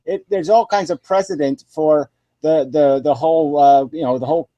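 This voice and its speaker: A man's voice: on the high side, moderate pace, mellow, no room sound, lo-fi sound. A man arguing politics bluntly and dismissively, swearing often and repeating himself. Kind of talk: heated political argument.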